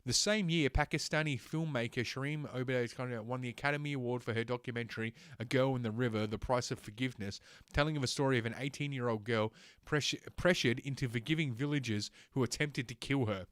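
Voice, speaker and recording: A man's voice: medium pitch, quick pace, a bit bright, no room sound. A man hosting a solo livestream, ranting sarcastically with heavy swearing and stumbling as he reads text aloud. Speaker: host.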